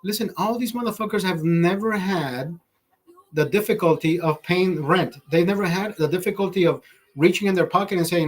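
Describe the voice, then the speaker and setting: A man's voice: sits high, moderate pace. A man from Honduras hosting a casual livestream, ranting with heavy profanity and switching between English and Spanish. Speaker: livestream host. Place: Los Angeles, California.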